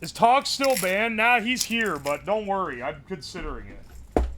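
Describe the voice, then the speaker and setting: High, lively, bright-voiced male streamer. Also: slow pace, noisy background. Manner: joking, bantering with chat; thinks aloud while building. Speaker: livestreamer. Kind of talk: casual livestream chat.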